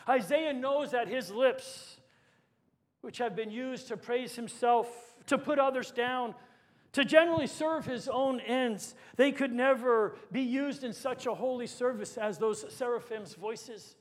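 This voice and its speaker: A man, a pastor, preaching a sermon with swings between forceful lines and hushed, quiet emphasis. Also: extremely high pitch, unhurried. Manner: dynamic preaching, dropping to hushed tones for emphasis.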